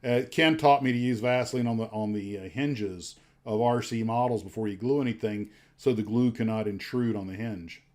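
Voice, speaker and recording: Low-ish guy hosting a stream, rambly, lots of ums and restarts. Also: moderate pace, few pauses, a little mellow. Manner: rambling, many fillers and restarts. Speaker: livestream host. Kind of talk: casual chat.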